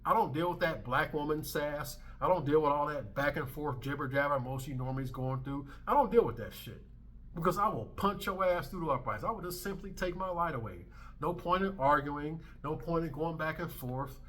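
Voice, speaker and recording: Man in his thirties, vlog host; brash emphatic rant, bright tense tone. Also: on the high side, a little fast. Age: 30s. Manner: brash, emphatic, swearing freely. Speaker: commentary channel host. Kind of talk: ranting commentary vlog.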